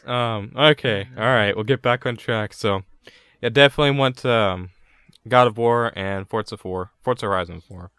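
A man's voice: fairly low pitch, normal speed, a bit bright, clean tone, no room sound, clean studio sound. A young man hosting a casual gaming podcast, laughing often and swearing in loose banter with friends. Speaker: podcast host.

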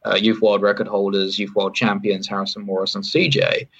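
Brief: low-voiced British man, husky, rambling interview guest, muffled podcast sound. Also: flat delivery, brisk, fairly bright tone. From Britain. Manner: rambling, self-correcting, with wry asides. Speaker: sports federation chief executive, podcast guest. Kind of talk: casual interview talk. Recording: dull, lo-fi podcast audio.

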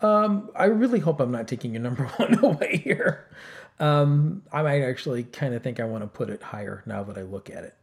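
A man's voice: medium pitch, animated, a little fast. A man co-hosting a casual chat about movie soundtracks, hesitating often and filling gaps with ums as he hedges his opinions. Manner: hesitant, many ums, hedging. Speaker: podcast co-host.

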